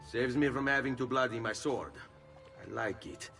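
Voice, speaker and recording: A man's voice: mid-range voice, moderate pace, vocal fry, sharp tone. A confident young male assassin hero from a video game, answering with dry, wry ease. He sounds a little distant from the microphone, with faint music underneath. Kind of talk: video game cutscene dialogue.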